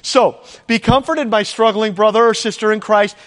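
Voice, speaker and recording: A man delivers a sermon in a strikingly high voice, earnest and emphatic, circling back to repeated phrases. His words ring out with the long reverb of a large hall. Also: measured pace, few pauses, fairly bright tone. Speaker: preacher.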